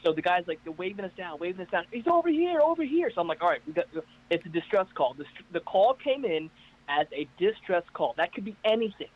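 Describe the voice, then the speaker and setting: A man with a high voice tells stories with plenty of energy and pushes each punchline hard. His voice comes over a video call, and the audio sounds muffled and lo-fi. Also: fast talker. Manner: energetic, hyped-up storyteller. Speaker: caller guest. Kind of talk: casual chat on a video call. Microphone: internet call.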